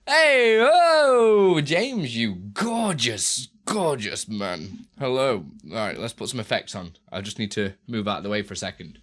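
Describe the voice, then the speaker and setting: A young man chats to his live-stream audience in a bright, lively voice. He greets viewers one after another, stumbles and repeats himself as he works. The talk stays loose and unscripted throughout. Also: on the low side, moderate pace, few pauses. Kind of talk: casual live-stream chat.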